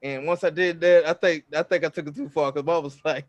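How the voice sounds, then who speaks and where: A middle-aged man with a somewhat high voice, co-hosting a podcast in loose, casual chat. He tells family stories with animated energy, acting out quotes and laughing often. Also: fairly quick, no room sound, highs cut off. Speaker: podcast co-host.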